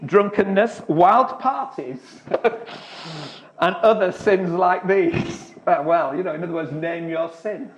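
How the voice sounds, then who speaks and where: A man preaching a sermon, speaking earnestly and often restarting his words. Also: high voice. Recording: dull lo-fi recording.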